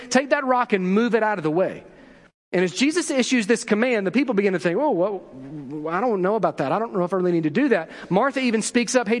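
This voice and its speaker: High-voiced preacher in a reverberant hall. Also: male voice. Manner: storytelling preacher, acts out quotes, asks the congregation questions. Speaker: pastor. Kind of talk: sermon.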